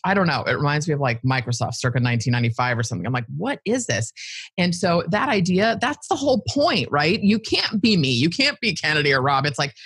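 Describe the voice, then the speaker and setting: Animated woman guest, lowish slightly husky voice, casual and quick-witted. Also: no room sound. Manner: animated, laughs often, quick asides. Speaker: podcast guest. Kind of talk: casual interview chat.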